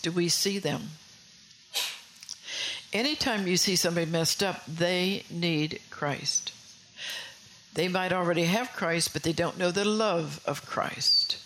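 Gravelly woman preaching a sermon. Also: sits low, a bit bright, slight background noise, low-quality recording. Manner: earnest, repeats and restarts phrases, asks the listeners questions.

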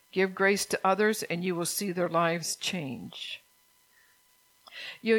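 A woman's voice: mid-range voice, fairly bright tone, rough recording. An older woman preaching in an earnest, conversational way, repeating her key phrases and mixing in personal stories. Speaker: church speaker. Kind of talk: sermon mixed with personal testimony.

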